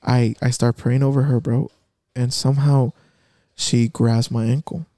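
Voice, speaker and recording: A young man telling a story in casual chat, slangy, switching into Spanish, with halting restarts. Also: mid-range voice, level tone, dark tone, no room sound.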